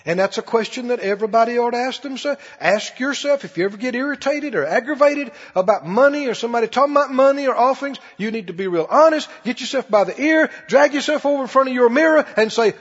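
A man's voice: very high-pitched, lively intonation, a little fast, slightly rough. A man preaching a sermon in a folksy, emphatic way, often putting questions to the audience. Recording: dull echoey hall broadcast.

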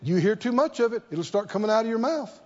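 A man's voice: high voice, lively intonation, fast, a little mellow, highs cut off. A man preaching a sermon, emphatic and fond of rhetorical questions.

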